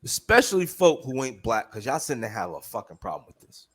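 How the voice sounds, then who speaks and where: A man co-hosting a podcast, telling a story in casual chat, profane and heated, animated as he goes. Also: medium pitch, brisk, few pauses. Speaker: podcast co-host.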